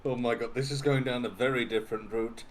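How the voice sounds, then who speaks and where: A man's voice: medium pitch, steady tone, quick pace, slight background noise. A man playing in a casual online quiz, teasing the others and laughing often. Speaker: quiz player. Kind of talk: casual banter.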